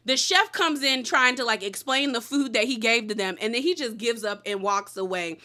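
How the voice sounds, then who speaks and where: A woman giving a casual, slangy, emphatic recap of a reality TV episode, quick to laugh. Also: fairly high pitch, pushed and bright. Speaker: TV show recap host.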